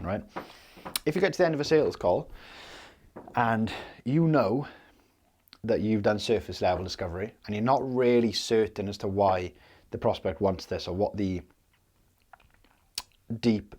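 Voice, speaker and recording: A man's voice: lowish voice, darkish tone. A young man teaching sales technique in a casual, explanatory way, often ending a point with "okay?". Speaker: sales coach. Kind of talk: instructional talk to camera.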